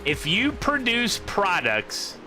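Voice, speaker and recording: This sim racing streamer talks slowly in a high voice whose pitch swoops wildly, with music playing behind him. His talk is loose and meandering; he interrupts himself, repeats things, and keeps returning to what he meant to say.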